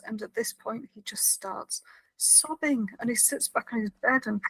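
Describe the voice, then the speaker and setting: A woman's voice: fairly high pitch, normal speed, breathy edge, dry recording, poor audio. Woman recapping a scene on a podcast. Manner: narrates the scene step by step, with excited commentary. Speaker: podcast co-host. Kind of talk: episode recap storytelling.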